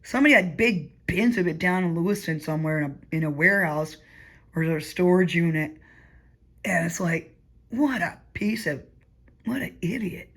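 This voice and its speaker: A woman talking to her camera at home as she winds down for the night. Her monologue wanders from one story to the next, chatty and loose. She laughs often and sometimes drops to a quiet murmur. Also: fairly low pitch, lively intonation, normal speed. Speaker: vlogger. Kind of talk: rambling casual monologue.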